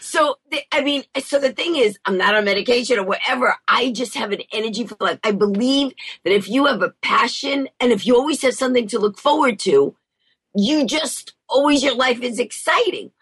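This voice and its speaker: Fast-talking bubbly woman storyteller. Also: a little high, a bit bright, husky. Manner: rapid, bubbly storyteller acting out voices. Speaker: guest, motivational speaker and comedian. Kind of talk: storytelling in an interview.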